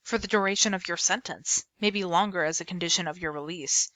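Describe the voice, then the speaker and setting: A man's voice: high-pitched, a little fast, sharp tone, no echo. Woman doing a sarcastic grumbling lawyer. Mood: irritated. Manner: sarcastic, impatient. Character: gruff grumbling male public defender.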